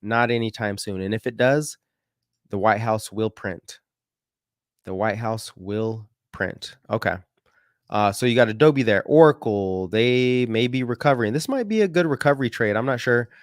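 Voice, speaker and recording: A man talks his audience through stock charts in a loose, rambling way. He throws in slang and often stops to correct himself. His voice sits at an ordinary pitch, and the close mic sounds dry with no room echo. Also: normal speed. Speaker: market analysis host. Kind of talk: casual chart commentary.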